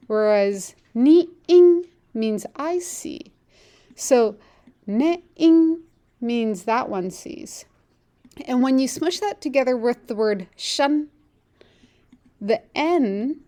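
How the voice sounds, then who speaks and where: Slow, patient woman language teacher. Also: on the high side, a little mellow. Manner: slow, drawn-out model phrases, quicker explanations. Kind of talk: language lesson with repeat-after-me drills.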